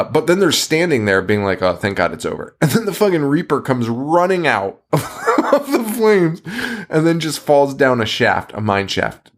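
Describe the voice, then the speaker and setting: A man talks through a movie's plot in a loose, casual podcast chat. His pitch swings widely as he laughs through his sentences, swears freely and trips over his own restarts. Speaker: podcast host.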